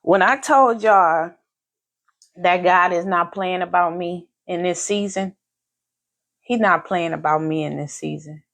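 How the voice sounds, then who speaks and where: A woman's voice: on the low side, measured pace, fairly bright tone. A woman hosting a live podcast in casual chat, effusive and grateful, who repeats phrases for emphasis. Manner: grateful, faith-filled. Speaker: podcast host. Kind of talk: casual live-stream talk.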